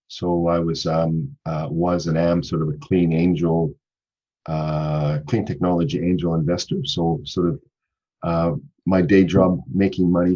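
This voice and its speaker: A man's voice: low-pitched, warm tone, slightly rough. A middle-aged man from Canada with a Canadian accent, a cheerful podcast guest who laughs often and talks with many fillers and restarts over a video call. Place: home office. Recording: dull lo-fi call audio.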